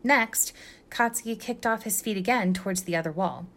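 A woman reading fan fiction aloud as a guest reader, telling it in a lively, expressive way. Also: on the low side, normal speed.

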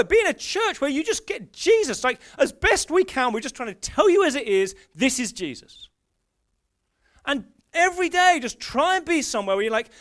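A man preaching with a very high voice that swings up and down freely. He talks in an easy, conversational way, often restarting a phrase before pressing on. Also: a bit bright. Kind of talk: sermon.

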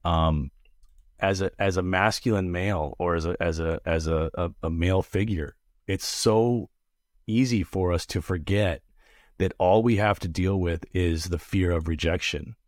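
A man with a very deep voice speaks earnestly in a casual discussion. He keeps a measured pace and stumbles over repeated words as he builds his point. The sound is dry and close. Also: no room sound. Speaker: podcast co-host.

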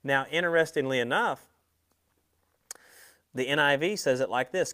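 A man preaching a sermon in a conversational way, slowing and stressing key words, then dropping softly on asides to his listeners. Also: medium pitch. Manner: slows and swells on key words, drops soft on asides; conversational, speaks directly to listeners.

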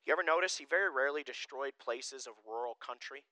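A male pastor preaching a sermon, swinging between loud declarations and quiet asides. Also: medium pitch, fast, dry recording, low-quality recording.

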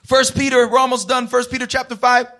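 Fervent high-voiced preacher man. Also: flat delivery, brisk. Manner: fervent, swings into shouted passionate preaching; call-and-response with the congregation. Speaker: pastor. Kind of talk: sermon.

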